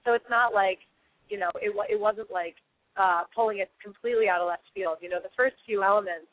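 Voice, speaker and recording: A woman's voice: medium pitch, fairly quick, no room sound. Rambling woman musician on a phone line. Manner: rambling, heavy with fillers and restarts. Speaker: musician guest. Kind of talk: casual interview chat. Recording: tinny phone line, dry.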